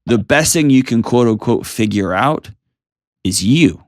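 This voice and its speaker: A middle-aged American man hosting an advice call-in show, talking in a calm, earnest coaching way full of rhetorical questions. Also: medium pitch, measured pace, dry recording, studio quality. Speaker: host giving advice.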